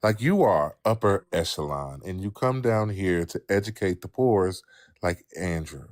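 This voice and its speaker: Man with a very deep, sarcastic voice. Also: animated, unhurried, dry recording, clean studio sound. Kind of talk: mocking live call-in banter.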